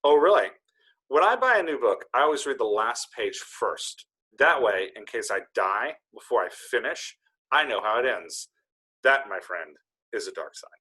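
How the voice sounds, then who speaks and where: A man reading the part of a cynical young man with a dark streak, dry and deadpan, in a casual script read-through. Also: medium pitch, moderate pace, husky, full character voice, poor audio. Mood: gloomy.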